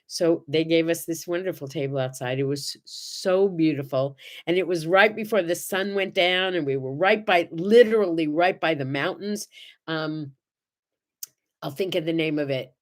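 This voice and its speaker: A woman hosts a morning livestream, chatting casually with viewers at a measured pace. She's an animated storyteller who acts out the people in her stories and bursts into high squeals when greeting viewers.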